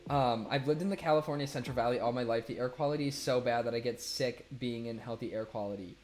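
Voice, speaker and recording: A young man talks casually on a live stream, reading chat messages aloud in a middle-pitched voice. He laughs often, swears freely, and swings from loud bursts to low mumbles. Faint music plays quietly behind him. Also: quick pace.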